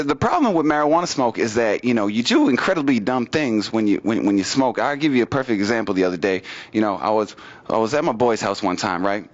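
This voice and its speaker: A young man doing open-mic stand-up comedy, casually telling stories, repeating "you know what I mean", with big pitch swings on punchlines. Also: a bit bright. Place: small venue at an open mic, in front of an audience. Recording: muffled lo-fi live recording.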